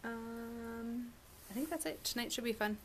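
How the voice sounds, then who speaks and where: Speaking a little slowly in a fairly high voice, a young mother talks to her camera at home in a casual vlog, full of fillers and rambling. There's slight background noise indoors.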